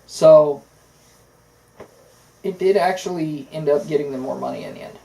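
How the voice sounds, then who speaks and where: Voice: mid-range voice, moderate pace, vocal fry, dark tone, low-quality recording. An opinionated co-host talking politics in a loose, casual chat. The talk comes in long runs full of "uh" and "so". The tone is conversational and unscripted. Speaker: podcast co-host.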